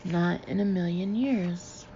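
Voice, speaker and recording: A woman's voice: slow, dark tone, lo-fi sound, slight background noise. A woman reading a first-person novel aloud, lifting her voice for the dialogue. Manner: voices dialogue with lifts in pitch and volume. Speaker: audiobook reader.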